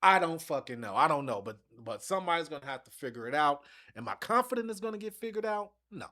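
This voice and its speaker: A man's voice: on the high side, sing-song, quick pace, pushed and bright. A man hosting his own wrestling show, ranting bluntly and casually with lots of swearing. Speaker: wrestling commentary host. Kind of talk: casual opinion vlog.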